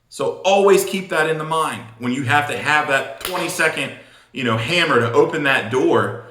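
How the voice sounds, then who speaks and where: Direct, bright-voiced man coaching in a roomy room. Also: on the high side, animated, moderate pace. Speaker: sales coach. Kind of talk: instructional video talk. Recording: roomy echo.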